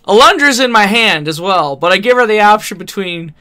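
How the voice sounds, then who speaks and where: High, bright-voiced man telling stories. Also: lively intonation, unhurried. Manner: laughs through his own story, swears freely, rambling with fillers. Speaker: podcast co-host. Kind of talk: casual storytelling chat.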